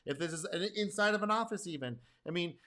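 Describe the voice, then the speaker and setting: A man's voice: high-pitched, animated, quick pace, pushed and bright. A man hosting a reaction commentary as a programming teacher, rambling and emphatic with casual swearing. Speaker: host and programming course teacher.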